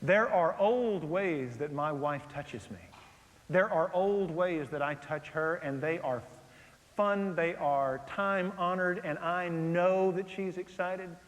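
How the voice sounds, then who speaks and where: Brief: male pastor, slightly high voice, lively sermon delivery with loud and hushed swings, long hall reverb. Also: slow. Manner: animated storytelling preacher, swings from loud to hushed.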